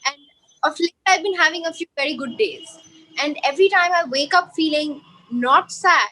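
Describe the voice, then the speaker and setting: Bright, high-voiced woman musing aloud. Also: moderate pace, poor audio. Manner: musing, hesitant, many "like" fillers. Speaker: panel participant. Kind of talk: reflective casual conversation.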